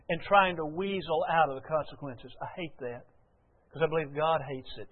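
A man's voice: on the high side, moderate pace. Earnest male pastor preaching in an echoing hall. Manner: earnest, emphatic, repeats key phrases. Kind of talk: sermon. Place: church sanctuary. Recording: phone-like sound in a long-echo hall.

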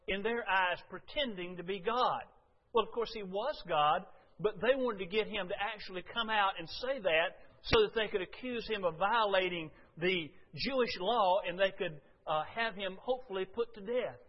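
High-voiced preacher in a reverberant hall. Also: male voice. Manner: impassioned, rising loud when quoting Jesus. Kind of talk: sermon. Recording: dull lo-fi sound with long hall reverb.

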